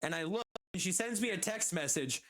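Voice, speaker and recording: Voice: medium pitch, expressive, a little fast, fairly bright tone, slight background noise. A streamer casually telling a work story, swearing and acting out the people in it. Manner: swearing, laughing at his own story; acts out quoted customers and bosses.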